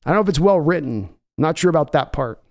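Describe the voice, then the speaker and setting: A man's voice: on the high side, lively intonation, quick pace, creaky, a little mellow. A man hosting a casual livestream podcast, chatting and reading viewer comments aloud. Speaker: podcast host.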